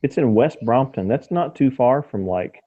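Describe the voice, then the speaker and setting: A man's voice: mid-range voice, animated, normal speed, phone-quality sound. A man co-hosting a podcast, chatting and joking casually. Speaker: podcast co-host.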